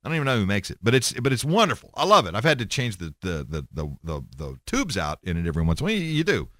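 Blunt, profane man with lively pitch. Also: racing, no echo, clean studio sound. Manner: blunt and profane, rambling with restarts. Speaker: podcast host. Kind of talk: casual monologue.

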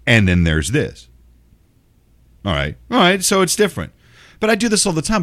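A man's voice: fairly high pitch, sing-song, brisk, a bit bright. An older man hosting a podcast, ranting with constant swearing and cranky sarcasm. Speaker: radio and podcast host. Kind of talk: profane ranting commentary.

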